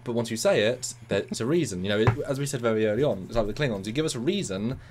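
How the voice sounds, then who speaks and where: A man co-hosting a casual review chat, talking in animated bursts and repeating words. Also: mid-range voice, fast, background noise. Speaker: co-host of a review show.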